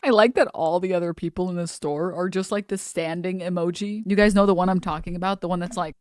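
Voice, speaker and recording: A woman's voice: lowish voice, fairly even intonation, quick pace, darkish tone, dry recording, clean studio sound. A woman streamer chatting casually as she reacts to videos, with frequent fillers. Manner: chatty, lots of fillers, laughing asides.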